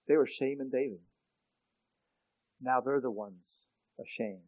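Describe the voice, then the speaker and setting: A man preaching a sermon in an earnest way, often restarting his sentences and growing loud when he quotes scripture. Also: medium pitch, measured pace, long pauses, narrow, tinny audio. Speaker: pastor.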